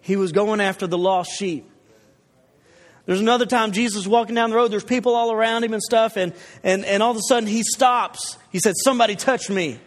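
A man's voice: high voice, fairly even intonation, a little fast. A man preaching a sermon, talking conversationally and telling stories with asides to the congregation. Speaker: pastor. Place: church hall. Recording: long reverb of a large hall.

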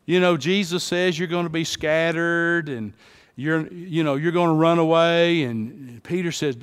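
A high-pitched male preacher who takes his time, dropping to near whispers and then rising to shouts. His voice rings out with a long hall echo, like in a big church. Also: measured pace, smooth. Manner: dramatic, swings from hushed to shouting. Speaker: pastor. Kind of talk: sermon.

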